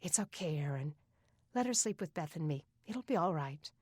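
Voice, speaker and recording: Woman voicing a calm teen girl, gentle, reassuring, dry close sound. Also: low-pitched, moderate pace, husky, dry recording.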